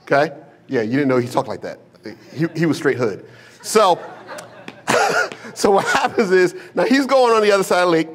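A man's voice: high voice, animated, normal speed. A male pastor preaching a sermon to a congregation in a church, mixing humor, slang and rhetorical questions into his storytelling. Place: church sanctuary with a live congregation.

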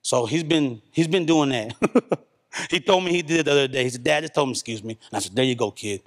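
A man preaching a sermon as pastor, a father of a young son, talking animatedly and swinging between loud bursts and hushed asides. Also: mid-range voice, animated, fairly quick. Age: young adult or middle-aged, father of a young son. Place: church.

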